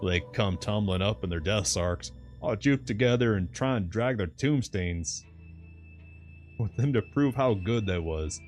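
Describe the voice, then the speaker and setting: A man's voice: lowish voice, expressive, a little slow, faint music behind. A man voicing a garrulous old seaside sailor who grumbles in a thick rustic dialect. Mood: ranting. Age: older.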